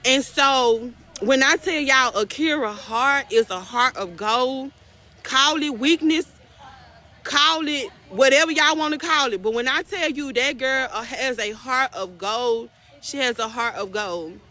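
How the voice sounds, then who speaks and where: A woman, recapping a court trial in casual chat, emphatic and animated, repeating phrases and calling the viewers y'all. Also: high voice, a little slow, low-quality recording.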